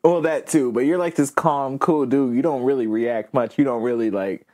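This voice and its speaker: A man's voice: mid-range voice, normal speed, a little mellow, no echo, studio quality. A man co-hosting a podcast, chatting casually in a loose, profane, laid-back way. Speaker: podcast co-host. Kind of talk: casual chat.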